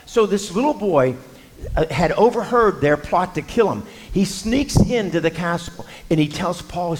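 Preacher in a reverberant church hall. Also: male voice, high voice, expressive, a little slow. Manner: storytelling, acts out quotes, frequent fillers. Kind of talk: sermon with scripture reading.

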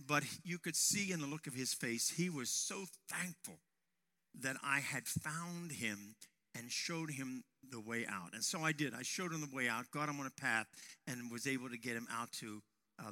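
A man preaching a sermon to young men, telling a personal story and raising his voice to a shout at dramatic moments. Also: fairly high pitch. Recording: long hall reverb.

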